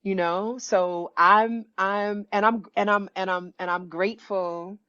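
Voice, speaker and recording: A woman in her fifties, an author and educator, telling a story as a guest with lively restarts. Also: a little slow, dry recording, dull audio. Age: 50s. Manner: animated, acts out quoted voices with pitch jumps, many restarts. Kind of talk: conversational storytelling.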